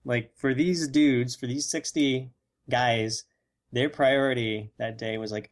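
A man co-hosting a casual comedic chat, cracking deadpan jokes and acting out mock quotes. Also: medium pitch, takes it slowly.

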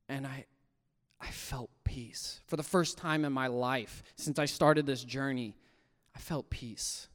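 A young man giving an earnest personal faith testimony, swinging from hushed to loud and emotional. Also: medium pitch, steady tone, measured pace, clean tone, long reverb tail. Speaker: testimony speaker.

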